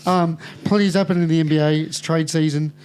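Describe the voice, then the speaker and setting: Australian man, young, congested nasal voice, fairly high, dark tone, sweary laid-back banter. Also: fairly even intonation, fast talker, smooth. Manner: blokey, swears freely, laughs often. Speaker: podcast co-host. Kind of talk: casual chat.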